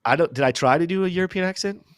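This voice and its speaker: A man's voice: fairly high pitch, very fast, smooth, dry recording, clean studio sound. A young man hosting a live crypto show, chatting casually through chart commentary with joking, self-deprecating asides.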